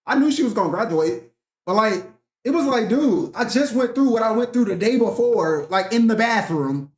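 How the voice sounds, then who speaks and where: A man's voice: high-pitched, expressive, moderate pace. A young man telling a profane, rambling story in a casual rant vlog, talking animatedly and swearing often. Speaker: vlogger. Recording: echoey room.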